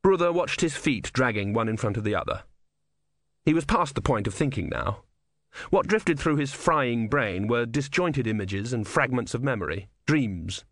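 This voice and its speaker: A male audiobook narrator with a mid-pitched voice and a lively, varied delivery. He tells the story in a wry, measured way, recorded dry and close with no room sound. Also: dry recording. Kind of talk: scripted narration.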